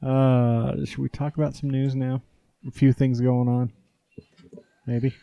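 A man hosting a podcast in relaxed, joking banter with his guests. His voice sits at an ordinary pitch with a warm, mellow tone. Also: slow pace, gravelly, dry recording. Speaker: podcast host. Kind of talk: casual chat.

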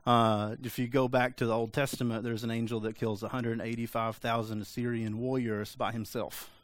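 A man's voice: mid-range voice, flat delivery, normal speed. A male pastor giving a sermon in a casual, joking, conversational way.

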